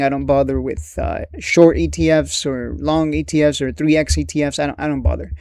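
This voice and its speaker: A man's voice: fairly high pitch, a little mellow. A man with a slightly raised voice talks in a loose, foul-mouthed ramble on a live stream. He brushes worries off with blunt dismissals and keeps restarting his sentences. The sound is dry and close, with no room echo. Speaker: stock market streamer. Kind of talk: casual live-stream commentary.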